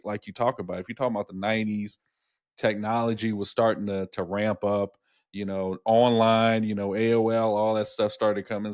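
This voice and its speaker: A man's voice: on the low side, no room sound, studio quality. A middle-aged man co-hosting a casual podcast conversation, rambling through stories with repeated words and lots of "you know". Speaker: podcast co-host.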